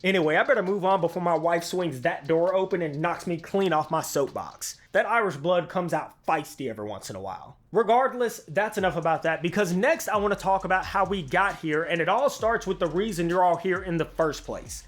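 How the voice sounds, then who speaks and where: A man hosting his own channel, reading a scripted narration in a sarcastic, self-deprecating way, with a velvety smooth voice. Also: high-pitched, brisk, few pauses. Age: adult with a career. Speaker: YouTube channel host.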